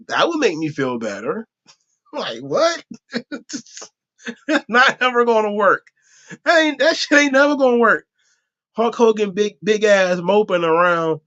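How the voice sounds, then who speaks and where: A podcast host with a high, somewhat bright male voice delivers a profane comedic rant. He laughs often and does voices, all captured on dull lo-fi audio.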